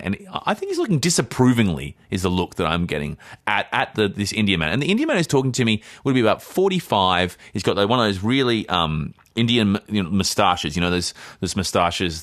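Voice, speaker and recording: Rapid, animated male storyteller. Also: low-pitched, no room sound, studio quality. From Perth, Australia. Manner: animated, rapid, acts out the people in his stories. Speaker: podcast co-host. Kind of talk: comedic anecdote storytelling.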